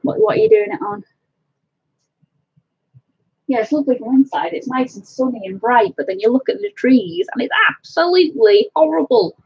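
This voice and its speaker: Chatty woman on a husky webcam stream. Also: high voice, sing-song, moderate pace, long pauses, no room sound, highs cut off. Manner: chatty, laughs often, greets viewers by name. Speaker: colouring channel host. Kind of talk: casual live-stream chat. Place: home, indoors.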